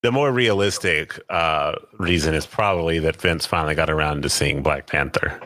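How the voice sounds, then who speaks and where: Deep, bright-toned man on a podcast. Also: normal speed, no room sound. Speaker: podcast co-host. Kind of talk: casual wrestling podcast chat.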